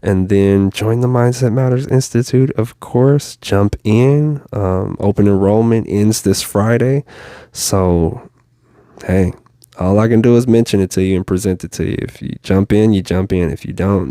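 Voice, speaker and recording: His voice is fairly low with vocal fry and a warm tone, recorded clean in a studio without echo. As host of a motivational program, he addresses his audience as y'all in an easygoing, repetitive, encouraging manner.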